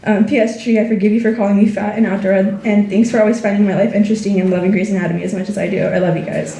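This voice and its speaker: Brief: teen girl, senior speech, tearful and heartfelt, mellow voice, echoey room. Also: mid-range voice, level tone, racing, gravelly, distant mic. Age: teens. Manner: heartfelt, reading thank-yous. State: tearful, near crying. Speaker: graduating student. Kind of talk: senior speech read aloud.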